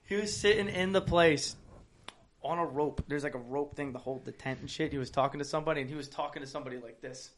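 A man's voice: on the high side, quick pace, a little hiss or hum. A young man telling long, profane, rambling stories while co-hosting a casual chat. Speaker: podcast co-host.

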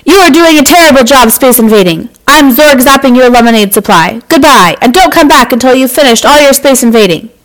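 A bossy alien council boss barks orders in a raised, loud voice, as a woman puts him on. The tone is commanding and rumbling, a storybook villain in a children's podcast. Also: expressive, fast talker, lightly acted, poor audio.

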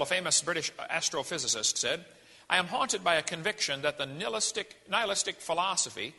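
A man's voice: a little high, vocal fry, bright, forceful tone, breathy edge, in a large hall. A man giving a folksy, emphatic sermon-style lecture. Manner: folksy, emphatic, jokey preaching. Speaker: creationist speaker.

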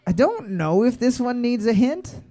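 A man's voice: extremely high pitch, sing-song, normal speed, dark tone. A man hosting a trivia night, reading each question twice and riffing with crude jokes between answers. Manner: reads questions twice, riffs with joking crude asides. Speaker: trivia quizmaster.

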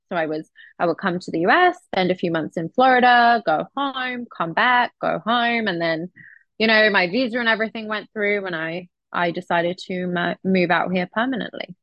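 Brief: English actress, young adult, relaxed and chatty, dull dry audio. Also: female voice, mid-range voice, dry recording. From England. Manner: relaxed, chatty, with frequent restarts. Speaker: actress guest. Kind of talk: casual interview chat.

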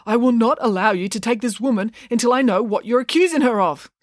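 A woman reading an audiobook voices a blustering, nervous middle-aged father with loud, indignant declarations. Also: on the high side, a little slow, no echo, studio quality, pitched above the performer's own voice, close to an everyday voice.

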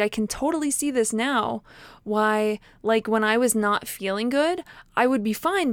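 A woman talks straight to the camera in a casual, frank way, full of fillers and quick restarts. Her voice sits a little high. The sound is close and dry. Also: dry recording. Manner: chatty, many fillers and restarts; frank, personal, laughs at herself.

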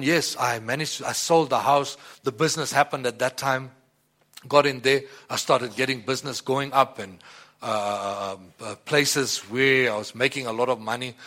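A man giving a personal testimony in a rambling, halting way, often repeating "you know" and "like that.". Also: mid-range voice, bright, forceful tone. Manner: halting, many restarts and fillers. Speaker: church member giving testimony.

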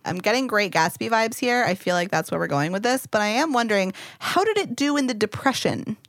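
A woman's voice: mid-range voice, lively intonation, a bit bright, dry recording. A woman with a Louisville accent, co-hosting a casual podcast chat, joking and chatty. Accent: Louisville, Kentucky. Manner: joking, chatty, quick asides. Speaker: co-host.

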